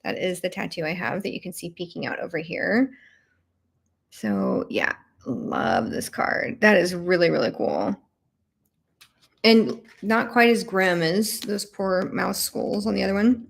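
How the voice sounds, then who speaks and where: A woman's voice: medium pitch, measured pace, vocal fry, husky. Bubbly woman gushing on a live stream. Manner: bubbly, gushing over cute cards, chatting to viewers. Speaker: tarot channel host. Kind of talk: live deck flip-through chat.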